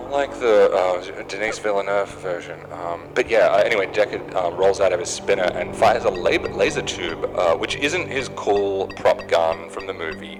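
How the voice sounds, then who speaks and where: A man's voice: sits low, rough recording. An Australian man, a game developer, giving rambling gameplay commentary with many fillers and side tangents. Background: game sounds and noise.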